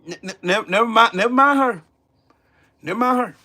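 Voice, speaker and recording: A man's voice: very high-pitched, fairly quick, sharp tone. A man hosting a casual livestream commentary, mocking and profane, repeating his jabs. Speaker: channel host.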